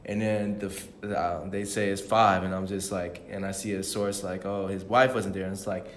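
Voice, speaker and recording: A man's voice: sits low, little pitch movement, moderate pace, roomy sound, slight background noise. A young man co-hosting a podcast, telling a story in a laid-back, slangy way. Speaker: podcast co-host. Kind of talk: casual chat.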